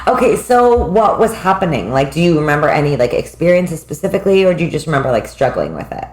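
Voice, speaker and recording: Woman podcast host, lowish voice, asks lots of quick follow-ups, roomy echo. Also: very animated, a little mellow. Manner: curious, prompting, quick follow-up questions. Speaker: podcast host, math tutoring studio owner. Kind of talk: casual interview chat.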